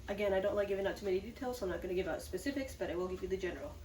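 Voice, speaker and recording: A woman's voice: medium pitch, racing, dark tone, a little hiss or hum. A woman talking candidly to the camera in a casual vlog, chatty and upbeat about a hard time. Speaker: vlogger. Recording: echoey room from some distance, faint ambience.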